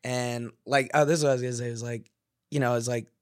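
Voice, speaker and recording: A man's voice: mid-range voice, little pitch movement, quick pace, a little mellow, clean tone, no echo. Rambling young man, dry close mic. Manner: rambling, filler-heavy storytelling. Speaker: podcast guest, comedian. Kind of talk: casual chat. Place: podcast studio.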